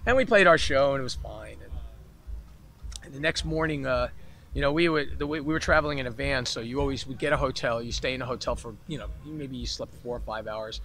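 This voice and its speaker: A keyboard player appearing as a podcast guest tells a long story in a casual interview, animatedly acting out the voices of the people in it. His voice is mid-range and brisk, and the setting is festival grounds, either outdoors or backstage.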